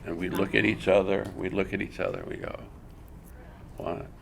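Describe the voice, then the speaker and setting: A man's voice: low-pitched, flat delivery, fast talker, vocal fry, background noise. An older man giving a live art workshop, an emphatic storyteller who repeats words as he talks. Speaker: comic art teacher. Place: school room with audience.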